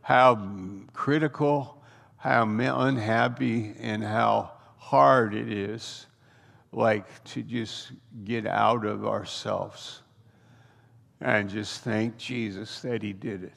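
A man's voice: on the low side, steady tone, slow, gravelly, fairly bright tone. A man preaching a sermon as pastor, building intensity through repeated rhetorical questions. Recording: long reverb of a large hall.

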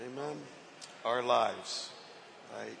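A man preaches in a loose, conversational way, tossing questions out to the people in front of him. His voice is gravelly but bright, and he talks slowly. The sound rings with a long hall reverb, with faint room ambience underneath. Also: mid-range voice, slight background noise. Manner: questions the congregation, playful. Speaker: preacher on a panel. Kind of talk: conversational sermon.

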